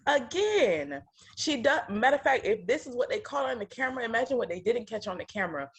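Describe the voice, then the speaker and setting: A woman with a slightly high, husky voice, co-hosting a casual reaction show. She talks in an outspoken, opinionated way and drops plenty of slang. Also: big pitch swings, a little fast. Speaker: co-host of a reality TV reaction show. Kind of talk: casual chat reacting to a TV episode.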